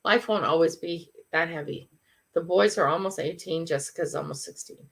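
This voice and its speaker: An older woman hosting a morning livestream, telling a funny story in a chatty, animated way. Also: fairly low pitch, normal speed, creaky. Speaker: livestream host.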